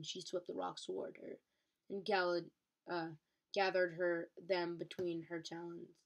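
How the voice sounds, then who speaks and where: A woman reading a novel chapter aloud at a steady pace. She stumbles on a word now and then and corrects herself. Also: on the low side, a little slow, creaky. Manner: steady, occasional slips and self-corrections. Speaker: reader.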